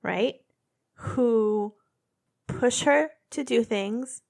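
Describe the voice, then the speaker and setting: A woman in her thirties co-hosts a relaxed podcast, talking in a lively, expressive way. Her voice sits a little high with a gravelly edge to it. She tells stories with energy and plays out the quotes she repeats. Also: very slow. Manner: animated storyteller, acts out quotes in a high voice. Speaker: podcast co-host. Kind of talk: casual chat.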